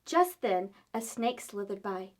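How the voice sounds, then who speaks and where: Animated woman reading to children. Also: mid-range voice, a little slow. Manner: animated, playful, addresses children. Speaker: children's librarian. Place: public library.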